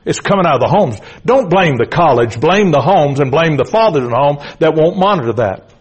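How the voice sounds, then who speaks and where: Middle-aged preacher, husky voice, punchy repetitive pulpit cadence, prods the crowd. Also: male voice, a little high, animated, brisk, poor audio. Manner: calls out to the congregation. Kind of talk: fiery sermon.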